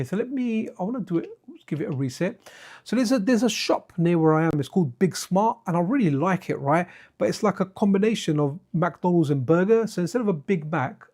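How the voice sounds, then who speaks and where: A man's voice: high voice, darkish tone. A man chatting casually to his viewers on a live stream while playing retro games, wandering off into side stories and addressing chat by name.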